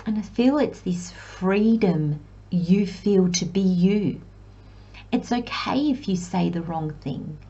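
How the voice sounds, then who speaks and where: Woman, tarot reader, pick-a-card reading, reflective, encouraging, self-deprecating, breathy voice, muffled lo-fi sound. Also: medium pitch, takes it slowly. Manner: reflective, gently encouraging, speaks to viewers as piles; self-deprecating asides, light giggles.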